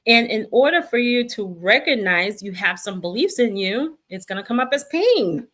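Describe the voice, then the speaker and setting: A woman's voice: on the high side, very animated, moderate pace. A middle-aged woman hosting a casual spiritual guidance talk, speaking reassuringly to her viewers and acting out the voices in their heads. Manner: warm, reassuring, acts out viewers' inner voices.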